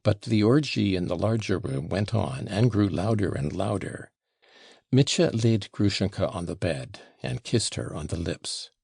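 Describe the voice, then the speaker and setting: A man reading a classic novel aloud as an audiobook narrator, measured and unhurried. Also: low-pitched, expressive, gravelly, darkish tone, breathy edge, no room sound, clean studio sound.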